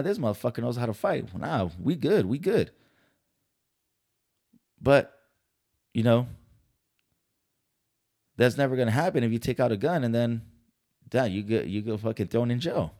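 A Californian podcast host with a medium-pitched, somewhat mellow voice rants casually, getting heated and profane as he delivers his commentary.

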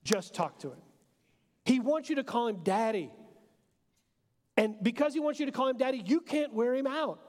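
High-voiced casual preacher in a hall. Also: male voice, expressive, moderate pace, pauses often, a little mellow. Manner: casual and joking, with many fillers. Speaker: pastor. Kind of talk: sermon. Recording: long hall reverb.

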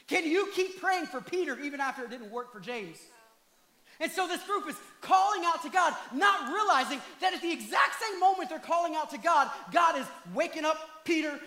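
A male pastor preaching a passionate sermon, at times rising to shouts and talking directly to the congregation. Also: extremely high pitch, roomy sound.

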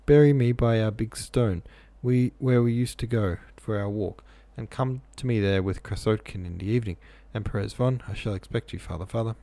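A dying young boy, tender and pleading, read aloud by a man in a storybook reading. The voice is low and gravelly, and the recording is dry. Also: normal speed, hardly any pauses, warm tone, dry recording, natural voice.

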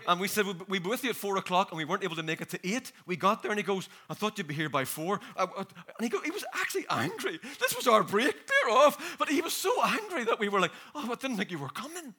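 A man preaching a lively, jokey sermon, laughing often and calling out to the crowd, tired and jet-lagged. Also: high voice, fast talker, few pauses, a little hiss or hum.

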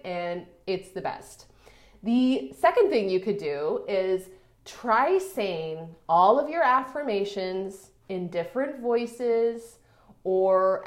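Chatty woman podcaster in a roomy space. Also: mid-range voice. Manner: chatty, upbeat, lots of "like" fillers and laughs. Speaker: podcast host. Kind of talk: casual solo podcast talk. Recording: roomy reverberant room.

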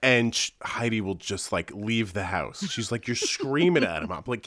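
A loud man from Long Island with a thick New York accent, chatting on a podcast. His pitch swings widely as he tells stories. The voice is bright and forceful. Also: moderate pace, dry recording. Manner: loud, animated storyteller. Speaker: podcast guest. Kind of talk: casual chat.

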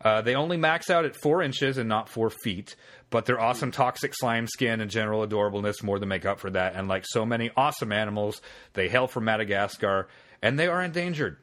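A man's voice: fairly low pitch, brisk, fairly bright tone. Laid-back podcast host, a man. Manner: laid-back, swears casually, dry humor. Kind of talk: casual chat.

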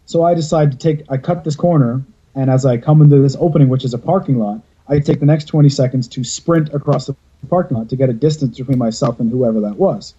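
A man's voice: medium pitch, quick pace, hardly any pauses, warm tone, breathy edge, dull audio. A man hosting a podcast over a video call, telling stories in a rambling, casual way and swearing freely. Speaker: podcast host.

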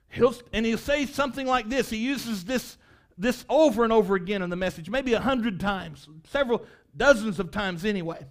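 A male preacher giving a fiery sermon, asking the congregation questions and building to impassioned shouts. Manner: high-pitched, emphatic, sweeps between quiet and loud.

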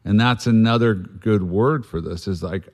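A guest shares a candid recovery story in conversation, speaking in a fairly low, slightly mellow voice at normal speed. He's blunt and swears freely, rambling loosely before turning earnest about making amends.

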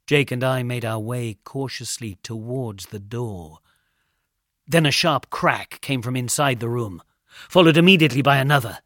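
A man's voice: medium pitch, no echo, studio quality. Man narrating a suspense tale. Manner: measured, suspenseful, drops to a hush at tense moments. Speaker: storyteller. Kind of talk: scripted story narration.

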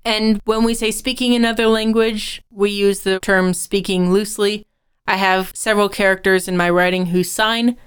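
A woman co-hosting a writing-advice podcast, who lays out her points in a calm, measured, explanatory way. Her voice is exceptionally smooth and resonant, with a middle pitch. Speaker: podcast co-host.

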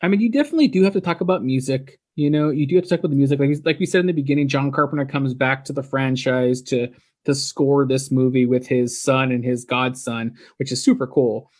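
A man's voice: mid-range voice, fairly quick. A young man co-hosting a casual movie review podcast, chatty and full of fillers. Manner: chatty, filler-heavy, lots of "like" and "you know". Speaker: podcast co-host.

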